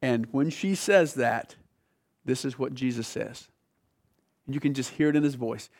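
A man preaching a sermon, retelling a scripture story with lively, animated delivery, acting out the voices and dropping to soft, dramatic lows. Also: normal speed.

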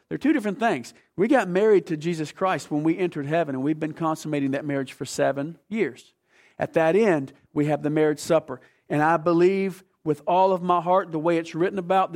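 This sermon comes from a male preacher whose voice is gravelly and a touch high in pitch. Emphatic throughout, he puts questions to the congregation and shifts from hushed moments into loud, urgent bursts.

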